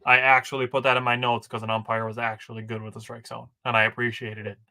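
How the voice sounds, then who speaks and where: Bright-voiced man breaking down baseball stats. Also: mid-range voice, flat delivery, fast talker. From Wisconsin. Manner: talks through stats from his notes, dry asides. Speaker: podcast co-host. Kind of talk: casual sports chat.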